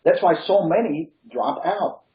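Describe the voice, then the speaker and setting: A man with a slight foreign accent, a non-native English speaker, gives motivational advice in a casual interview. His voice sits somewhat high for a man. The lo-fi call audio sounds a little dull. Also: animated, unhurried. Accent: Eastern European. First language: not English. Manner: emphatic, motivational, laughs easily. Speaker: real estate coach, guest.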